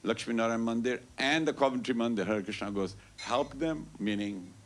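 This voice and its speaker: A man tells a story at a temple Sunday program, animated and full of "you know", quoting others back and forth. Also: mid-range voice, moderate pace. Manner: animated, quotes others in dialogue, frequent "you know" and "I goes". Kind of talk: casual storytelling announcement. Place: temple hall.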